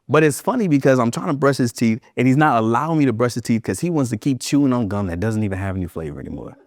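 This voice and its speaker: A man's voice: medium pitch, a little mellow, no echo, studio quality. A man giving a motivational keynote to educators, emphatic and repeating phrases for effect, telling personal stories with humor.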